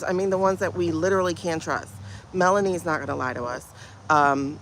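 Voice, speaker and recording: A woman hosting a spiritual livestream, talking in an emotional, halting way and often repeating herself. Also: deep voice, a bit bright, a little hiss or hum. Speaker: livestream host, intuitive reader. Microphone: phone livestream.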